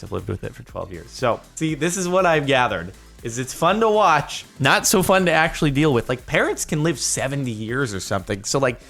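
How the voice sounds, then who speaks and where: A man hosting a casual video reaction, chatty and quick to laugh. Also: mid-range voice, vocal fry, a bit bright. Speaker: YouTube host.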